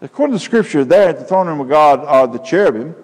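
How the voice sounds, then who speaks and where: A man's voice: on the high side, expressive, fast. Man, pastor, impassioned sermon, long church reverb. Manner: impassioned preaching, rising to loud emphatic peaks. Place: church sanctuary.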